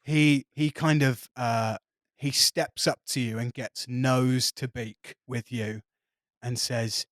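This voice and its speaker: A man with an English accent narrating as game master, describing the scene with lively detail and frequent laughs. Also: mid-range voice, takes it slowly, no echo, clean studio sound.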